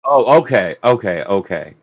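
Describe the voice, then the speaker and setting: A man's voice: on the low side, animated, normal speed. A man playing a tabletop game, chatting casually about his character's stats. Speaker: player. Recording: muffled lo-fi mic.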